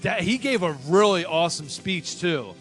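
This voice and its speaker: A man's voice: sits high, lively intonation, normal speed, a bit bright, soft background music. A man co-hosting a podcast in casual chat, often stammering and restarting his sentences. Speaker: podcast co-host.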